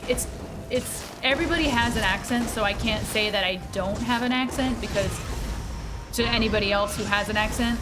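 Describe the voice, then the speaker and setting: An American woman streaming a game, chatting casually and excitably with viewers and laughing often. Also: medium pitch. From United States. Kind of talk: casual live-stream chat while gaming. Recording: game music behind the voice.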